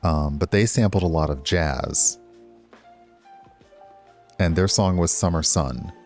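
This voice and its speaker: A man's voice: low-pitched, takes it slowly, faint music behind. A man streaming a cosy video game, chatting casually with his viewers and rambling on side topics. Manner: rambling, chatty, talks to chat. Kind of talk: casual gameplay commentary.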